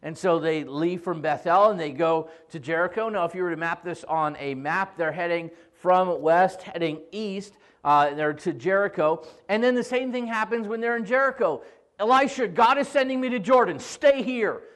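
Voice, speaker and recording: A male pastor preaching a sermon, retelling scripture in an animated, joking way. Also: a little high, normal speed, few pauses.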